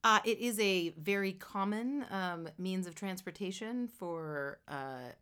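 A woman's voice: mid-range voice, unhurried, fairly bright tone, smooth. A woman from Ontario with a Canadian accent, co-hosting a casual podcast chat, hesitant with lots of ums and restarts. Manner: hesitant, many ums and restarts, laughs often. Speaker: podcast co-host.

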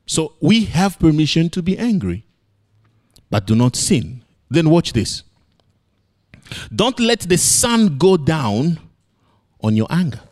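In his sermon, the man stays playful and lively, bouncing between high-pitched exclamations and low, emphatic statements.

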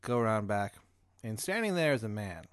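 A man hosting a comedy podcast, telling a hypothetical scene to his guest in a deadpan, casual way. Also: lowish voice, normal speed, no room sound, studio quality. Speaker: podcast host posing hypotheticals.

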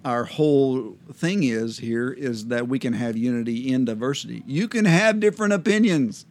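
A man's voice: mid-range voice, animated, normal speed. A middle-aged man co-hosting a casual podcast, chatting playfully and laughing often. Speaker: podcast co-host. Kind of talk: casual chat.

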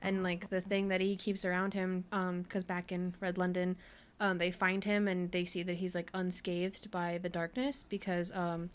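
A woman's voice: fairly low pitch, normal speed, smooth. A woman co-hosting a casual book chat, animatedly retelling a plot and acting out the characters' lines. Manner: animated retelling with many "like" fillers, acts out characters. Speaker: podcast co-host.

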